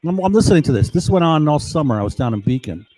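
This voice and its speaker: A man's voice: a little high, big pitch swings, rapid-fire, a little mellow, no room sound. A middle-aged man from New York, rambling through a long monologue, often tossing in "right?" and "you know?". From New York, United States. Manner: meandering, keeps asking "right?" and "you know?"; acts out overheard voices in his story.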